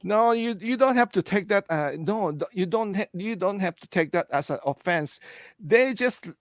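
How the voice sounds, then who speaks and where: A man's voice: sits high, lively intonation, moderate pace, dry recording, clean studio sound. A man hosting a casual live stream, agreeable and hesitant, reading out viewer comments. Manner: agreeable, hesitant, reads chat comments aloud. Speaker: host.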